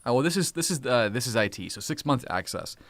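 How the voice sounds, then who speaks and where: A man in his thirties hosting a casual live stream, talking in an upbeat, hurried way and now and then hushing his children. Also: medium pitch, sing-song, dry recording. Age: 30s. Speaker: host.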